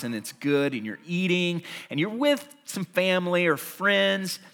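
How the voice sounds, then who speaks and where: Bright, lively male preacher. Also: on the high side. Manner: animated storytelling, acting out everyday scenes. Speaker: pastor. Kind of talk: sermon.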